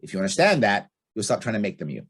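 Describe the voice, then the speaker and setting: Middle-aged male podcast guest, quick and husky, blunt and emphatic, hammers his points home. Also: fairly low pitch, big pitch swings, fairly bright tone. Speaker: podcast guest, libertarian candidate. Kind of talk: casual podcast interview.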